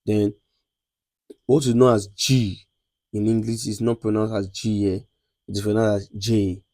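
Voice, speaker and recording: A man with a Nigerian accent teaching a beginners' lesson, repeating sounds slowly and checking that students follow. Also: on the low side, flat delivery, mellow, dry recording. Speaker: lecturer. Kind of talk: classroom lesson on French letters.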